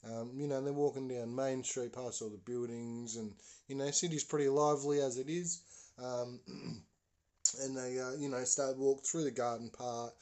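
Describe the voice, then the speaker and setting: Mellow-voiced man rambling through a story. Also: medium pitch, fairly even intonation, moderate pace. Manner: rambling, full of "you know" fillers. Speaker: podcast host. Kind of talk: casual storytelling.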